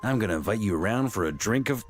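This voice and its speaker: Man voicing a cheerful young knight, lively up-and-down voice, chatty, faint game music. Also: lowish voice, quick pace, close to an everyday voice. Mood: easygoing. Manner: chatty, upbeat. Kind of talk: video game dialogue.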